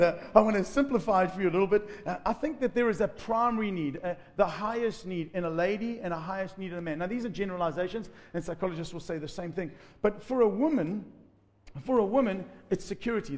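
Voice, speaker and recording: A man preaching a sermon as pastor, lively, acting out quotes. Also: high voice, big-room sound. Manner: animated preaching with acted-out quotes.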